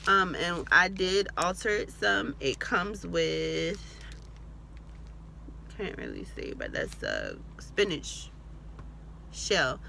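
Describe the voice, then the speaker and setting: A woman's voice: fairly low pitch, very animated, slow pace, vocal fry, pauses often, sharp tone, a little hiss or hum. A woman hosting a casual eat-with-me vlog from inside her car, still sick with the flu, chatty with joking asides. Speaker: vlogger.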